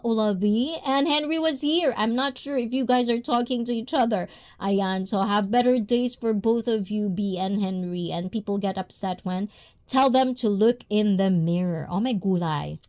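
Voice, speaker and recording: With a slightly high voice and a darkish tone, a woman hosts a casual livestream. She is not a native English speaker, speaks bluntly, and reads viewer comments out loud.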